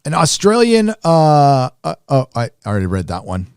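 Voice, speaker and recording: Male live-stream host, mid-pitched, dry close sound, loose rambling delivery. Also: normal speed, clear, resonant tone, dry recording. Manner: rambling, animated, many fillers and restarts. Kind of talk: casual live-stream commentary.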